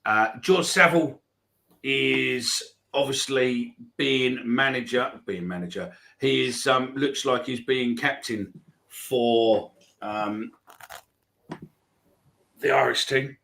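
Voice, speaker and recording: A man's voice: medium pitch, takes it slowly, creaky, sharp tone. A man hosting a football fan podcast, talking in a loose rambling way. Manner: rambling, lots of ums and restarts. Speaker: podcast host. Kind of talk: casual chat.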